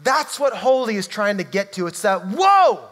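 A man's voice: sits high, moderate pace. Emphatic preaching man in a reverberant hall. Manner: emphatic, shifts from loud to hushed. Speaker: pastor. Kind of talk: sermon.

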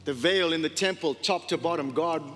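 A man preaching a sermon, impassioned, dropping to hushed tones for scripture. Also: a little high, normal speed. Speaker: pastor. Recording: reverberant hall with faint music.

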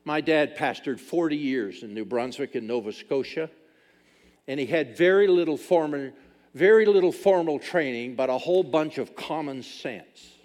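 A man's voice: on the high side, moderate pace, darkish tone. A man, preaching a sermon as a pastor with emphatic, repeated phrases. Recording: long reverb of a large hall.

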